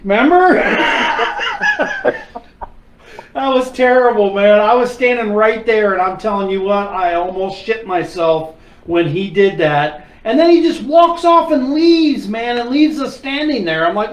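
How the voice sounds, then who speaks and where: Male host, high voice, blunt and swearing, roomy echo. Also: moderate pace. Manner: blunt, animated storyteller who swears freely. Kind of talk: casual chat. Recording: echoey room.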